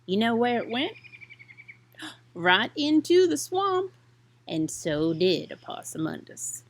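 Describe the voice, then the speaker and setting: A woman reading a children's picture book aloud, expressive and talking to young listeners in asides. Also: fairly high pitch, slow. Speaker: storyteller.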